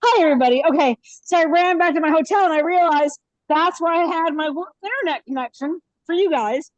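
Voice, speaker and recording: Woman in her fifties, comedian on a video call, high voice, dry close sound, animated storyteller. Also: brisk, dry recording, dull audio. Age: 50s. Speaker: stand-up comedian. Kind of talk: live virtual stand-up set. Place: hotel room. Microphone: laptop webcam on a video call.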